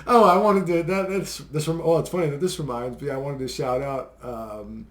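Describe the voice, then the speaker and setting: A man's voice: fairly high pitch, moderate pace. A man vlogging a rambling, profane conspiracy rant to his viewers, swearing constantly and chuckling between points.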